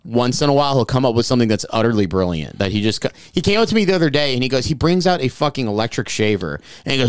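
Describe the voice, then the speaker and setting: Dude rattling off bar stories quick, voice bouncing all over, dry close mic. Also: male voice, medium pitch, smooth, no room sound. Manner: animated storytelling, swears and laughs often. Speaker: podcast co-host, bartender. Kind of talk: casual podcast banter.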